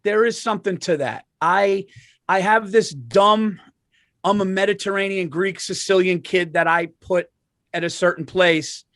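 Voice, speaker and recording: Guy with a high-ish voice rambling through a funny story on a podcast, dry close mic, swears a lot. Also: measured pace, no echo. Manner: animated storytelling, swearing, frequent restarts. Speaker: podcast co-host. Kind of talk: casual comedic chat.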